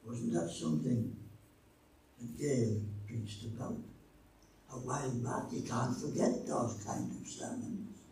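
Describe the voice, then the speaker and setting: An older man preaching a sermon and telling a story from his own life, slow and dramatic, with his pitch and loudness swinging widely. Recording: echoey hall, speaker far from mic, faint noise.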